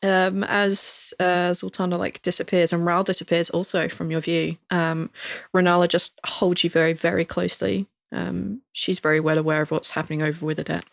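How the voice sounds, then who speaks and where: A woman narrates a tabletop scene as game master, soft and hesitant. Her voice is lowish and gravelly. The recording is dry. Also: little pitch movement, normal speed, dry recording.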